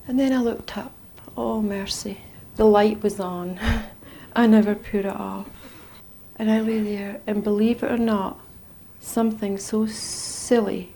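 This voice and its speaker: A woman's voice: medium pitch, fairly even intonation, creaky, slight background noise. Scottish woman recounting an intense experience. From Scotland. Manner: intense, halting storytelling that swings between hushed and raised. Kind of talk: personal testimony.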